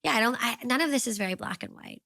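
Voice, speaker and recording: A woman's voice: on the high side, lively intonation, fast talker, creaky, sharp tone, dry recording, clean studio sound. A woman in her thirties, a guest speaking about her own parenting in a casual, reflective way, full of fillers and restarts. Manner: rambling, reflective, many fillers. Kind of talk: casual conversational interview.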